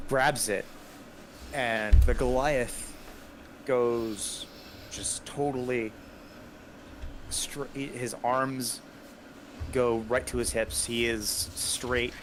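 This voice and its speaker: A man's voice: mid-range voice, fairly even intonation, slow pace, long pauses, background noise. A man narrating a tabletop game as game master, describing the action in a loose, chuckling way.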